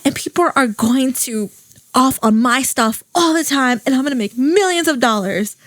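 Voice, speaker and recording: A woman's voice: high-pitched, expressive, moderate pace, fairly bright tone, no echo, studio quality. A woman voicing a naive young man who boasts about his big dreams, in her own voice. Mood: boastful.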